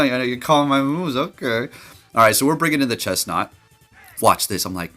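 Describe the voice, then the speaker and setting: A man giving casual, jokey commentary over his gameplay, getting loud and excited and laughing at his own jokes. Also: lowish voice, brisk, faint music behind. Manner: animated, jokey, excitable, trash-talking. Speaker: gaming commentator.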